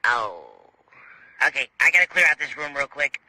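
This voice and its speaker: A man's voice: medium pitch, animated, moderate pace, sharp tone, slight background noise. A young man playing a giddy, over-the-top character in a comedy skit.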